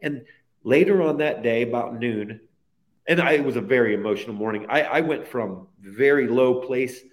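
A man's voice: medium pitch, moderate pace. A man speaking as a guest in a podcast interview, telling a personal faith story in an earnest, heartfelt way that stacks phrases one onto the next.

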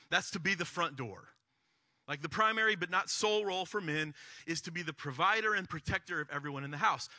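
Bright-voiced candid male pastor. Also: fairly high pitch, no echo. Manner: candid, conversational, self-deprecating. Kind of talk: sermon.

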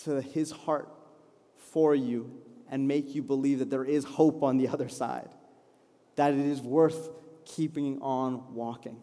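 A man's voice: mid-range voice, fairly even intonation. Earnest male pastor in an echoing hall. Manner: earnest, pleading, rising to fervent declarations and slowing for prayer. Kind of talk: sermon. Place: church hall, live congregation. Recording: live church hall reverb with soft music. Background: soft instrumental worship music.

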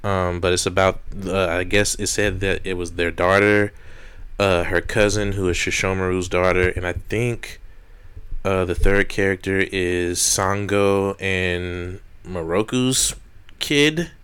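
A man's voice: deep voice, fairly even intonation, measured pace, a bit bright, clear, resonant tone. A young man co-hosting a podcast, chatting casually with lots of swearing and rambling jokes. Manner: rambling, profane, jokey. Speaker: podcast co-host. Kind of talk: casual chat.

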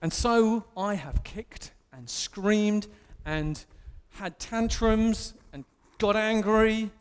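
High-voiced English preacher in a hall. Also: male voice, drawn-out words, clean tone. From England. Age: 30s. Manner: animated, self-mocking storytelling. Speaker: pastor. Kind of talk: sermon.

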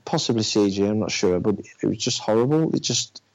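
A man's voice: fairly low pitch, lively intonation, brisk, vocal fry. A man in casual chat about films, talking hesitantly with many fillers and restarts. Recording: dull lo-fi audio.

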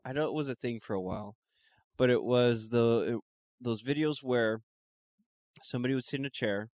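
A man in casual chat who laughs often and talks in a relaxed way, full of filler words. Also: mid-range voice, normal speed, no echo, studio quality.

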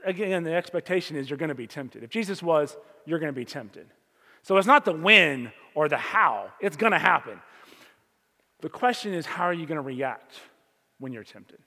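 A man preaching a sermon as pastor, talking conversationally and swinging from loud emphasis to quiet asides. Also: a little high, expressive, normal speed. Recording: long hall reverb.

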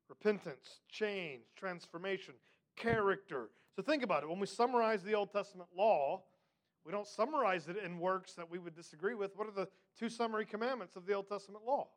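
Guy with a fairly high voice leading bible study, keeps asking the group questions, reads verses slow. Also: a bit bright. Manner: asks the class questions, emphatic and conversational; reads scripture slowly and deliberately.

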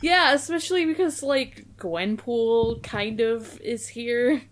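A woman's voice: fairly high pitch, slow. A woman player on a tabletop game podcast, chatting in a playful way. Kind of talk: casual podcast banter.

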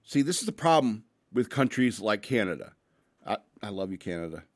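A man's voice: on the low side, sing-song, brisk. A man hosting a show, ranting bluntly with crude language and reading news stories, a bit tipsy after some beers. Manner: blunt, crude, rambling with restarts. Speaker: podcast host.

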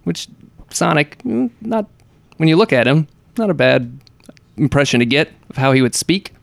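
A man's voice: fairly high pitch, sing-song, moderate pace, creaky, no room sound. A man co-hosting a podcast, chatting casually about gaming news in a rambling, hesitant way full of fillers and restarts. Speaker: podcast co-host.

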